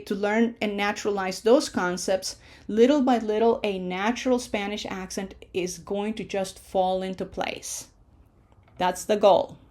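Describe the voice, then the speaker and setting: A woman teaching a Spanish pronunciation lesson, patiently drilling syllables and checking in with frequent questions. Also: mid-range voice.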